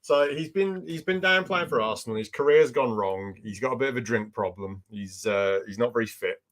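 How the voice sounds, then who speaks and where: A man's voice: mid-range voice, brisk, a bit bright. Brief: male podcast co-host, conversational, opinionated, easy laugh. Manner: chatty and opinionated, laughs easily. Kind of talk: casual sports chat.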